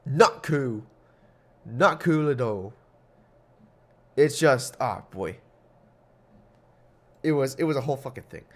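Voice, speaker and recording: A man's voice: medium pitch, lively intonation, slow, long pauses, a bit bright. A young man hosting a casual solo podcast, rambling and swearing with jokes, coughing now and then. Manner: rambling, profane, jokey. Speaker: podcast host.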